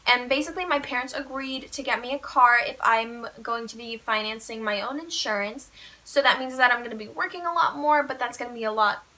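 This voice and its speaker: A teenage girl spills a storytime to her viewers in a chatty, animated rush, with "like" in nearly every phrase. Her voice sits high and sounds bright and sharp. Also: fairly quick. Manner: chatty, fillers of "like", animated retelling. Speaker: vlogger. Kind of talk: casual storytime vlog.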